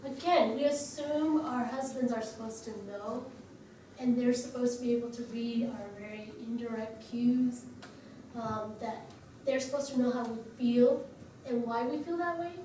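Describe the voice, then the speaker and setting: A woman's voice: fairly high pitch, moderate pace, warm tone, slight background noise. A woman in her forties co-leading a church marriage workshop, explaining in an earnest way. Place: church hall. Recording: very echoey hall from far off.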